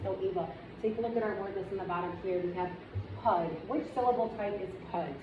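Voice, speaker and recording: A woman reading teacher giving a demonstration lesson, with clear, encouraging, step-by-step instructions and asides to other teachers. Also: mid-range voice, fast talker. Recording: echoey room, dull and noisy sound.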